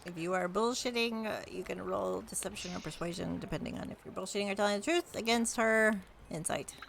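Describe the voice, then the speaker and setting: A woman running a tabletop game as dungeon master, explaining rules in a relaxed, unhurried way. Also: mid-range voice, gravelly, slight background noise.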